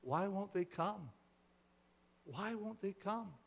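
A man's voice: medium pitch, lively intonation, moderate pace, lightly acted. A man voicing an amazed woman. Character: wondering woman stepping into warmth.

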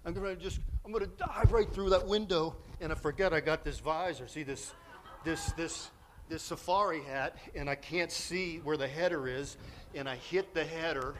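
Male preacher, storytelling sermon, animated, somewhat high-pitched voice. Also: a little hiss or hum. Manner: animated storyteller, acts out quotes, grows loud and excited.

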